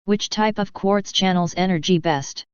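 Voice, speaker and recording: A woman voicing a curious, measured male pony who studies magic, in a storybook reading. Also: medium pitch, clean tone, no room sound, lightly acted. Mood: impatient. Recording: dull lo-fi dry recording.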